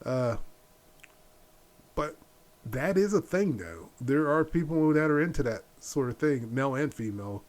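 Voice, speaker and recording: A man's voice: mid-range voice, lively intonation, a little slow, long pauses, darkish tone. A middle-aged man hosting a solo opinion podcast, blunt and exasperated, repeating his points. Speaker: podcast host.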